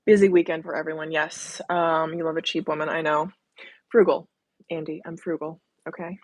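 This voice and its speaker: A woman's voice: low-pitched, flat delivery, brisk, dry recording. A young adult woman hosting a casual live stream from home, chatting and reading viewer comments aloud.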